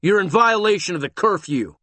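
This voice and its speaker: A man doing a hard-nosed street cop who barks his lines, gruff and impatient, louder and a bit higher than the reader's own voice. He sounds close and dry, with no room around him. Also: expressive, brisk, no echo, full character voice.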